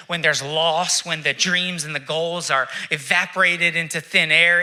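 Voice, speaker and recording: Male pastor preaching, high, tense voice, reflective, rhetorical questions, dramatic pauses. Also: bright, forceful tone. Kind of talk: sermon.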